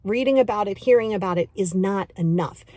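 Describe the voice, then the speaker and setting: A middle-aged woman hosting a podcast and giving a motivational self-help talk, emphatic and repetitive, coaxing the listener directly and acting out inner voices in quick asides. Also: medium pitch, background noise. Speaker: podcast host and self-love coach.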